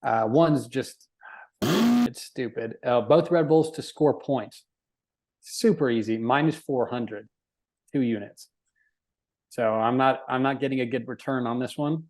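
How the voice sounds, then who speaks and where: A man co-hosting a casual sports podcast, trading jokes and laughing easily. His voice sits at an ordinary pitch for a man, and his profanity comes out relaxed and offhand. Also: unhurried. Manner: joking, swears casually, laughs often. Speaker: podcast co-host.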